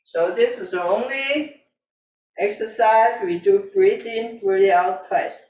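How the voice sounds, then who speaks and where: A woman leads a tai chi session at an unhurried, slow pace, calmly repeating cues to breathe in and out. Her voice comes from some distance away in an echoey room. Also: mid-range voice. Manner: calm, repetitive breathing cues, simple non-native grammar. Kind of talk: guiding an exercise class.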